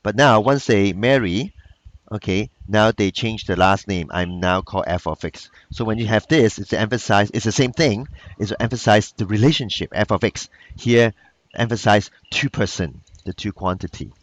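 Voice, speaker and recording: A man's voice: fairly low pitch, moderate pace, dry recording. A man teaching math in a recorded lesson. He speaks patiently, repeats each key point, and talks in plain phrasing with loose grammar.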